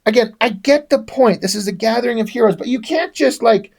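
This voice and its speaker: A man's voice: very high-pitched, brisk, gravelly, a little mellow. A man giving a casual, rambling comic book review in a sarcastic tone, swearing often.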